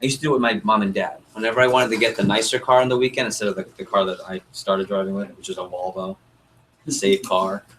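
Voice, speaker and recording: A young man running a sales training workshop, coaching a group and acting out customer dialogue in an energetic way. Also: fairly low pitch, fast talker, gravelly, slight background noise, low-quality recording. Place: meeting room with group.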